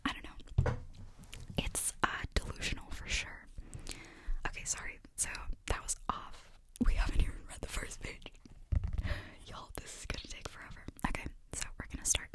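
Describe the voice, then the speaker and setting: A young woman in whispered role-play, rambling in a self-deprecating way with many fillers as an ASMR host. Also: a little fast.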